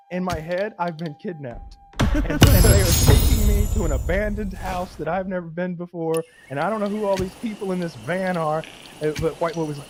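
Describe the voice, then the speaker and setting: A man's voice: high voice, normal speed, over loud music. A man telling a story in casual chat, rambling, repeating words and laughing between lines. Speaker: streamer telling a story to co-hosts.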